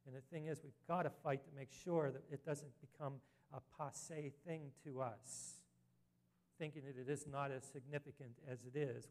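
Pastor, male, slightly higher voice, earnest sermon delivery with emphatic scripture reading. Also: darkish tone.

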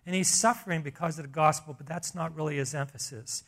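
A man's voice: fairly high pitch, fairly even intonation, fast talker, a bit bright. A man preaching a sermon in a church, earnest and conversational, often restarting his sentences. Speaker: pastor.

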